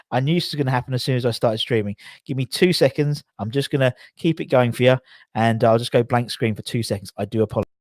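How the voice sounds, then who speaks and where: A man's voice: medium pitch, a little mellow, no echo, clean studio sound. A man from England hosting a casual live stream, rambling and out of breath as he reads out viewer comments. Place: garage.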